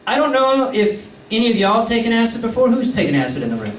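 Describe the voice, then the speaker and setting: A young man doing a stand-up set, telling stories with animated voices and yelling in the bits. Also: very high-pitched, fast talker. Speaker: stand-up comedian. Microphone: stage mic. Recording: echoey room, distant mic.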